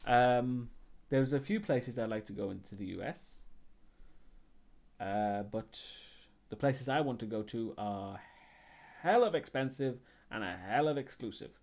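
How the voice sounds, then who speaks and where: A man's voice: mid-range voice, unhurried, vocal fry, darkish tone. A Welsh man hosting a live stream, chatting casually with his chat and making wry asides. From Wales.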